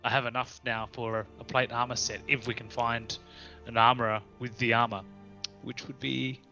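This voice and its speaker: A man's voice: mid-range voice, level tone, normal speed, sharp tone, highs cut off, soft background music. A man chatting casually as a player in a tabletop game, easygoing.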